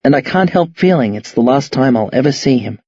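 A man reading a first-person novel as an audiobook, in a measured, understated manner. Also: mid-range voice, expressive, dark tone, husky, no room sound, muffled recording. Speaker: audiobook narrator.

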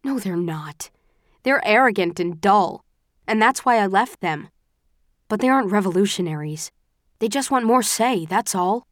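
Bookish tired young guy, reasoning and level, read by a woman; keep it close to her own voice, medium pitch. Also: normal speed, no echo, close to an everyday voice. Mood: calm. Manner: steady, reasoning, mildly lecturing. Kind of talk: audiobook character voice.

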